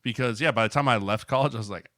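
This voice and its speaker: A man in his thirties tells a locker-room story with a bright, forceful edge, and he keeps dropping "like" as he acts out other people's lines. His voice is close and dry, with no room sound behind it. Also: medium pitch, rapid-fire, no room sound. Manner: animated, acts out quotes with filler "like". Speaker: podcast co-host, former NFL lineman. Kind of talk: casual storytelling chat.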